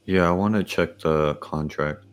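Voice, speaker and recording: A man's voice: low-pitched, a little slow, clean tone. A man playing a tabletop game, wary and questioning. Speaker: player.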